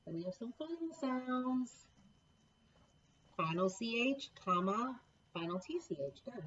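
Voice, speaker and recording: A woman's voice: a little high, animated, a little slow, fairly bright tone, dull audio, a little hiss or hum. A woman teaching a recorded phonics lesson to children, patient and encouraging, spelling out letter sounds one by one. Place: home classroom setup with a board.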